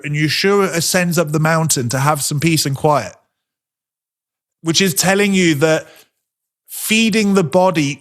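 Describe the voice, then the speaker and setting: Speaking in a fairly high, fairly bright voice, a man teaches a sermon in a conversational style. He asks rhetorical questions and eases his pace to emphasize key points.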